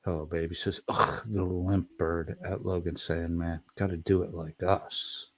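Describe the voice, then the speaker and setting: A man's voice: sits low, flat delivery, a little slow, no room sound. A man streaming profane, mocking commentary, swearing constantly and throwing insults at someone in a clip.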